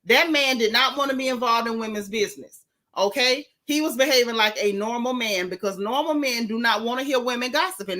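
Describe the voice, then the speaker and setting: A woman's voice: a little high, fairly quick. A woman hosting a live stream, chatting bluntly and sassily about a reality show and thanking viewers. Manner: sassy, blunt, animated gossip. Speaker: show recap host. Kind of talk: casual live-stream chat.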